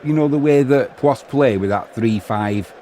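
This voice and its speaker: Alone on the mic, a man calls a live football match while reading viewer chat, blending play-by-play with chatty opinions and replies to viewers. His mid-range voice is warm and measured, with a little hiss or hum.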